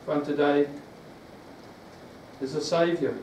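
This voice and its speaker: A man's voice: fairly high pitch, flat delivery, takes it slowly, darkish tone, a little hiss or hum. A man preaching a sermon, rambling with restarts and asking the congregation questions. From New Zealand. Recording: echoey room, from far off.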